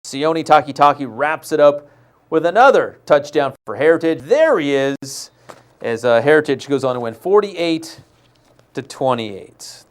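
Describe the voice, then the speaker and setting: A man hosting a live studio show, talking over high school football highlights in a loose, chatty way and joking with his crew. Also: expressive, unhurried. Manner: loose and chatty, jokes with crew, stumbles on names.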